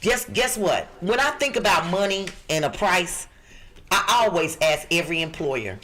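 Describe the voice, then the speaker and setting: A middle-aged woman from the Midwest with a rough-edged voice, co-hosting a podcast and reading out job listings in a brassy, emphatic, joking way. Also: on the low side, animated, moderate pace, a bit bright, a little hiss or hum. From Chicago. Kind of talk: lively podcast chat.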